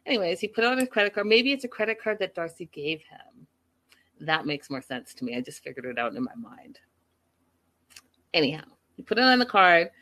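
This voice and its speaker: A woman's voice: lowish voice, expressive, brisk, pushed and bright. Woman gossiping thru a reality show recap, talks right at her viewers, kinda incredulous. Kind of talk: casual episode recap to viewers.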